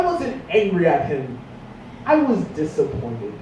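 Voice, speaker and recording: A young man doing a stand-up routine, telling a rambling, self-mocking story and jumping into squeaky voices for the characters. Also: big pitch swings, takes it slowly, darkish tone, a little hiss or hum. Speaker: stand-up comedian. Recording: echoey room, distant mic.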